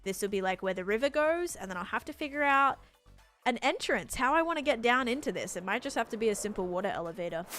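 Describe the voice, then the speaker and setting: A woman's voice: on the high side, expressive, fast talker, a bit bright, soft background music. A young woman live-streaming a game, chatting casually with viewers in a rambling way with lots of fillers. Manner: patiently over-explaining to chat. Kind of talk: casual live gameplay chat, answering viewers.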